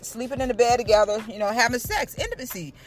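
An older woman speaks. She chats about scripture in a playful, animated way, jumping up in pitch as she goes. Faint music sits behind her. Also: quick pace. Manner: chatty and playful, laughing and breaking into song; animated, with sudden high pitch jumps. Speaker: faith talk host. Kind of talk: casual Bible talk to viewers.

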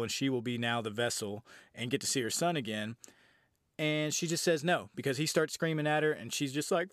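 A man's voice: medium pitch, no echo, clean studio sound. A man casually recapping and reviewing a horror film on his podcast, rambling and swearing freely. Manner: rambling, profane, conversational.

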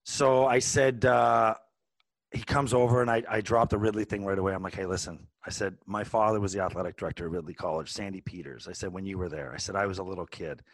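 A man in his forties, a podcast co-host, telling a long casual story with lots of restarts and animated asides. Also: low-pitched, fast, no echo. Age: 40s. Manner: animated, rambling with many restarts.

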